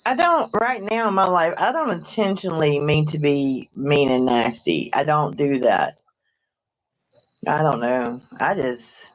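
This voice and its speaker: A woman's voice: low voice, a little hiss or hum, rough recording. Blunt, self-mocking woman chatting. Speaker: co-host. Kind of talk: casual chat.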